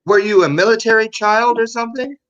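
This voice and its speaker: A man's voice: high-pitched, fairly quick, fairly bright tone, muffled recording. A man hosting a talk show interview in a playful, joking manner. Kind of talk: interview conversation.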